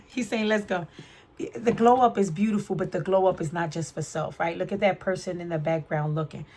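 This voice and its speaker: A woman's voice: fairly low pitch, steady tone, a little fast, darkish tone. A woman giving a casual spiritual card reading to her viewers, chatty, often tagging her sentences with "right?". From New York City. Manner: chatty, keeps asking "right?". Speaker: tarot reader.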